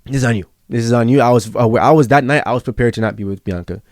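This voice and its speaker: A man's voice: mid-range voice, rapid-fire, darkish tone, no echo, studio quality. A young man as a podcast guest, telling a personal story in casual, earnest talk, repeating himself and saying bro and yo. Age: young adult.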